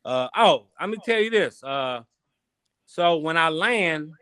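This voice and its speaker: Chicago guy on a podcast, ex boxer spinning stories, bright forceful voice, dry close sound. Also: on the high side, takes it slowly, clear, resonant tone, no room sound. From Chicago, USA. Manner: animated storyteller, loose slangy talk with swearing. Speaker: podcast guest, former boxer. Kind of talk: casual storytelling interview.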